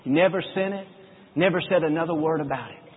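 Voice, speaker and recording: Husky-voiced preacher in an echoing hall. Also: male voice, fairly high pitch. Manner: earnest storytelling preacher, slows for scripture quotes. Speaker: pastor. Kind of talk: sermon. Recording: phone-like sound with long hall reverb.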